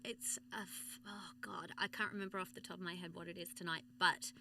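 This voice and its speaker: A woman's voice: lowish voice, steady tone, fairly quick, creaky, sharp tone, slight background noise. A woman with an Australian accent, chatting casually as a guest on a talk show. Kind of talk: casual chat.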